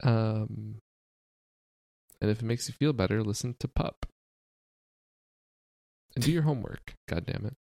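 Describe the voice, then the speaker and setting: A man from the United States co-hosting a podcast, talking in a deadpan, sarcastic way with many fillers. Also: fairly low pitch, unhurried, creaky, long pauses, no echo. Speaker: podcast co-host. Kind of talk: casual chat.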